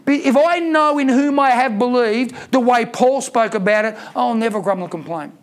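A man preaching a sermon in a strikingly high voice. He drives his points home by repeating key lines with emphasis. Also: normal speed.

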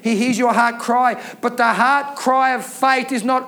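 A man preaches to his congregation with fervent, emphatic repetition. His voice sits remarkably high for a man. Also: fairly even intonation, a little slow, pushed and bright. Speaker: pastor. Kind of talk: sermon.

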